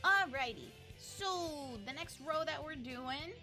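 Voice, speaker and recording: A woman's voice: high voice, lively intonation, slow pace, sharp tone. A young woman streamer chatting casually on a stream, teasing and giggly. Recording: faint music behind.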